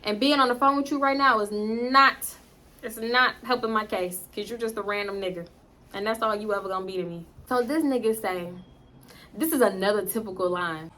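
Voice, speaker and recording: A woman vlogger telling a storytime to her viewers in an animated, blunt and profane manner, speaking straight to the audience. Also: medium pitch, brisk. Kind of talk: casual storytime vlog.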